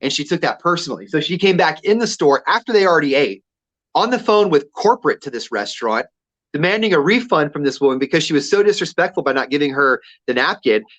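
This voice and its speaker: A man's voice: fairly high pitch, a bit bright, dull audio. A man co-hosting a radio show, telling a story casually and acting out the quotes with energy.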